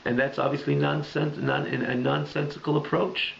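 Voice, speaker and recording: A man giving a Torah class, telling a parable with halting, repetitive restarts. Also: a little high, level tone, vocal fry, slight background noise. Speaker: Jewish teacher. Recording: echoey room, dull lo-fi sound.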